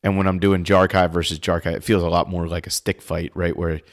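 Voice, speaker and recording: A man with a very low voice talks through fight footage in a loose, conversational way. He circles back on his words as he thinks, and drops in casual swearing. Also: fairly quick. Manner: relaxed, thinking aloud with many restarts. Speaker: podcast co-host. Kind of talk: casual video commentary chat.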